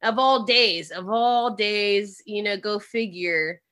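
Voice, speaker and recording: A woman's voice: mid-range voice, takes it slowly, bright, forceful tone. A woman in casual chat, telling a long story with lots of fillers, swearing and laughing.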